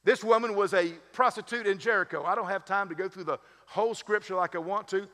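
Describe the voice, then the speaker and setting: Higher-pitched male pastor preaching in a reverberant church. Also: steady tone, brisk, pushed and bright. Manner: conversational preaching with humorous asides. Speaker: lead pastor. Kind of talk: sermon. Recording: long hall reverb.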